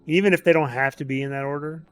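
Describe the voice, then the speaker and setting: Male streamer, slightly high voice, rants animatedly while playing a game. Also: quick pace, clear, resonant tone, faint music behind. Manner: animated ranting storyteller. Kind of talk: casual gameplay chat.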